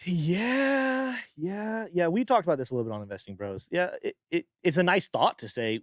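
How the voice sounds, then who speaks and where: Wry co-host, lively pitch. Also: male voice, normal speed, hardly any pauses, dry recording, clean studio sound. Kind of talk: casual chat.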